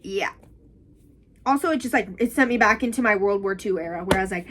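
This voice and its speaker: A woman's voice: mid-range voice, brisk, slight background noise. Chatty young woman, book vlog. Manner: chatty and animated, with frequent "like" and "y'all". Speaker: book vlogger. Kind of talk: casual book review chat.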